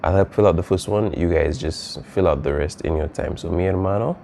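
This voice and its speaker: Gravelly deep-voiced male Spanish teacher. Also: fairly quick, dark tone, a little hiss or hum. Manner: casual, explanatory, with frequent "all right" and "um". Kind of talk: recorded classroom lesson.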